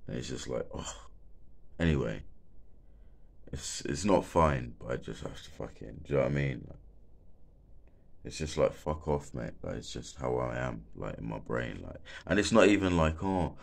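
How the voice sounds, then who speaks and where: Stoned young bloke rambling on, super deep gravelly voice, swears constantly. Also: male voice, expressive, moderate pace. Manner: rambling, swears a lot, fills with "like, literally" and "mate". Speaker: former football stadium security worker. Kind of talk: casual rambling monologue.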